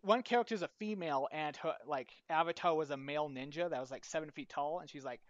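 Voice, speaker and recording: A young man co-hosting a casual podcast chat, animated and swearing casually as he acts out quotes. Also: on the high side, fast talker, dry recording. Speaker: podcast co-host. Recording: dull, dry home mic.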